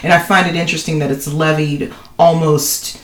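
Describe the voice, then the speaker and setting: A woman's voice: sits low, level tone, moderate pace, far from the mic. A woman co-hosting a chat podcast, speaking frankly and loosely, with the odd swear. Her voice sits off the mic and rings in a roomy space. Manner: frequent affirmations, conversational, occasional swearing. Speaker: podcast co-host. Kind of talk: casual chat.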